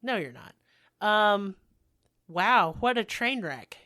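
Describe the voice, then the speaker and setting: A woman's voice: mid-range voice, sing-song, slow, sharp tone, no echo, clean studio sound. A woman co-hosting a podcast, chatting casually and joking through the show announcements, rambling with frequent restarts. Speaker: podcast co-host.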